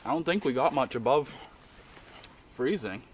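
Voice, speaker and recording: An easygoing man jokes and chats with a friend over a meal outdoors on a frozen lake in winter. His voice has a middle pitch for a man. Faint outdoor noise sits behind him. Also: expressive, moderate pace. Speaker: friend and guest. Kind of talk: casual chat while eating.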